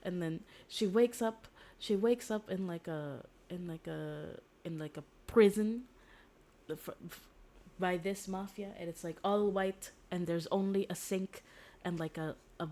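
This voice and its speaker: A woman's voice: on the low side, unhurried, mellow. A young woman streamer casually retelling a story, rambling with fillers and restarts and swearing freely.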